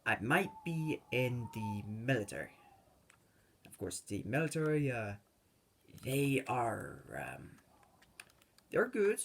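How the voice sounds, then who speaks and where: A young man talks over his game, drifting from one tangent to the next with plenty of ums and uhs. His pitch sits mid-range but swings in a lively way. The delivery is casual and unscripted. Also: gravelly. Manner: rambling and tangent-prone, with many fillers. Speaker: gaming channel host. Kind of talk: rambling let's-play commentary.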